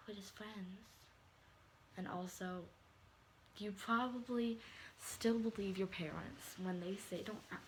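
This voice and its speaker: A woman's voice: mid-range voice, slight background noise, poor audio. A teenage girl ranting to a phone camera in a vlog, sassy and exasperated, calling people "honey.". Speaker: vlogger. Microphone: phone or webcam.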